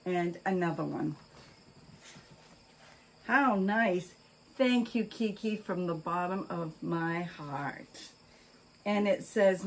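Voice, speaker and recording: Older woman, unhurried speech, exclamatory, delighted, casual vlog chat. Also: on the low side, slight background noise. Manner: gushing, exclamatory, full of oohs and oh my goodness. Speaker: vlogger opening fan mail. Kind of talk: casual mail-opening chat.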